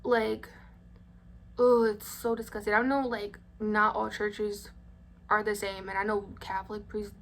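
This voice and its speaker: A woman's voice: mid-range voice, level tone, measured pace, a bit bright. A young adult woman telling a story-time vlog in a blunt, indignant way, swearing freely. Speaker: vlogger.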